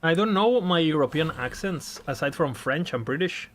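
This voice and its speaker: A man's voice: a little high, expressive, normal speed, a little hiss or hum. A young man chatting casually while streaming a game, rambling, swearing and laughing often.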